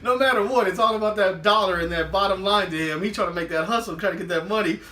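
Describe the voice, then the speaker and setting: Animated, bright-voiced male recap host. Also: sits high, quick pace. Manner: animated, laughs often, acts out quotes. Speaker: podcast host. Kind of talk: casual TV episode recap. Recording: roomy, distant mic.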